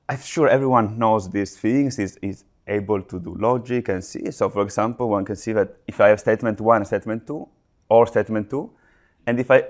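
A man lectures to a room, working through his points slowly and restarting phrases as he goes. His voice sits a little low, and his delivery is halting and patient. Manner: halting, restarts mid-phrase, explains step by step. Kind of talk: live lecture.

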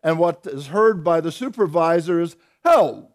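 Older male physics lecturer, slightly higher voice, dry wit, measured delivery with hesitations. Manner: explanatory, dry wry humour, hesitant fillers. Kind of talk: academic lecture.

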